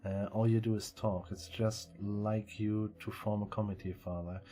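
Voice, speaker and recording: A man's voice: on the low side, level tone, moderate pace, mellow, natural voice. A man voicing a frightened, shaken young woman who pleads with her father. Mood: upset.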